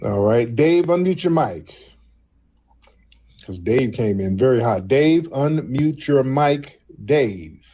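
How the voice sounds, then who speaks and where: A man hosts a live call-in stream, coaxing callers onto the line and poking fun at an angry one. His voice is husky and sits at a middle pitch. He repeats himself a lot while he waits for callers to join. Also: animated, slow pace, mellow. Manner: mocking, repeats prompts. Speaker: host.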